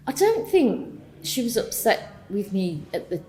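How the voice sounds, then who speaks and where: A woman tells her own story in an interview, halting and emotional, with frequent ums and repeated words. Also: mid-range voice, big pitch swings, darkish tone. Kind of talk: personal testimony in an interview.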